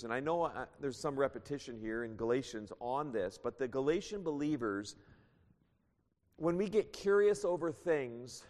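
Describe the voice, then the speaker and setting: A male preacher with a fairly high voice and a lively, swooping delivery, reading scripture and explaining it verse by verse, at times raising his voice. The sound rings with a long hall reverb, as in a church sanctuary. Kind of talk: sermon.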